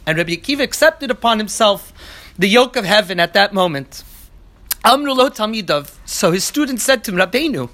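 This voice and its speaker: An earnest teacher leads an evening Talmud class in a middle-pitched voice. Each passage is quoted in the original and then translated piece by piece, with restated phrases stacking up. Now and then the speaker pauses on a hesitant filler while searching for the right word. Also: sharp tone. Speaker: Torah teacher.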